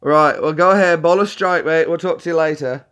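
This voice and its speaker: A man's voice: a little high, fairly quick, fairly bright tone, smooth, voice pushed up, natural voice. A man faking a chummy British bloke. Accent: British, put on. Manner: chummy, keeps saying mate. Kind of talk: prank phone call.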